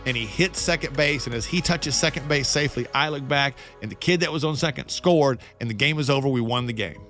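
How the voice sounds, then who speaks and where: Middle-aged male radio host, mid-pitched, chatty storyteller, faint music bed behind. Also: brisk. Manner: storytelling, animated and self-joking. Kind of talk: casual monologue.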